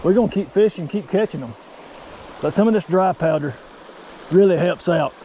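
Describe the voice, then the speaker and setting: Excitable high-voiced man outdoors. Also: moderate pace, a little hiss or hum. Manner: excitable, folksy exclamations. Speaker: fly fishing vlogger. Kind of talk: casual outdoor vlog narration. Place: outdoors by a mountain creek.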